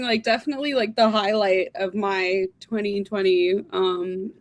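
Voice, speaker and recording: A woman's voice: medium pitch, fairly even intonation, moderate pace, hardly any pauses, fairly bright tone. A woman chatting on a video call, telling a story in a chatty, giggly way. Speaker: guest. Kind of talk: casual video chat.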